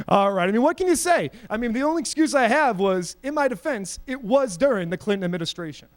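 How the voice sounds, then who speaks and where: A man's voice: extremely high pitch, lively intonation, quick pace. A young man telling self-mocking stories in a stand-up comedy set, acting out the people he quotes. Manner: storytelling, self-mocking, acts out quoted voices. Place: comedy stage at an arts center.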